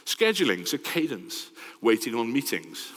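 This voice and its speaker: A middle-aged man with a Welsh accent giving a lively, conversational conference talk and often checking in with "right?". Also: mid-range voice, measured pace. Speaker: conference speaker. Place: large conference hall. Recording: long hall reverb.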